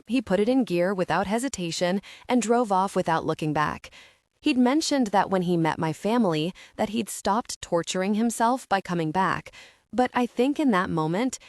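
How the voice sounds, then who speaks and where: A woman narrating a romance audiobook in a steady, even reading voice. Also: mid-range voice, no echo, clean studio sound. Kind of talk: scripted narration.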